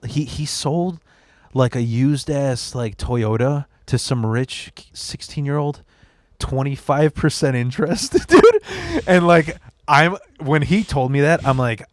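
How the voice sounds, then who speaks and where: A man's voice: medium pitch, measured pace, a little mellow, no room sound. A man, a standup comedian, telling long, profane stories as a guest on a podcast. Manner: profane, rambling anecdotes. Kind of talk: casual podcast storytelling.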